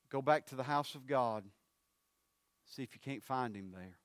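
Preacher guy, swings from big rising calls to low hushed bits, dry sound. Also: moderate pace, clean tone, no room sound. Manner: swings between loud, rising appeals and low, hushed phrases. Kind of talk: sermon.

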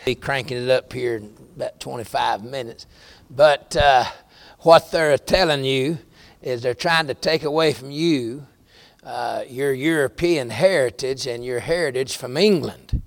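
A man's voice: medium pitch, measured pace, no echo. A middle-aged man with a Southern American accent, preaching a sermon in a folksy storytelling way. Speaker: pastor.

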